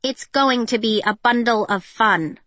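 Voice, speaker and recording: Audiobook: woman reads a droll little android, flat sarcasm, lifted pitch, dry close mic. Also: unhurried, no room sound. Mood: deadpan. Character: sarcastic female android helper, small, deadpan.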